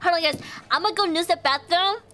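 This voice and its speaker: A woman's voice: very high-pitched, quick pace. A woman streamer chatting casually and gushing with giggly reactions. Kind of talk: casual live-stream chat.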